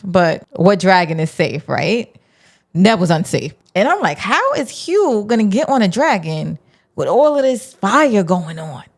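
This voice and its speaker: A woman hosting her own channel, recapping a TV episode in a casual, slangy way and acting out her reactions as she goes. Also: medium pitch. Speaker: show recap host.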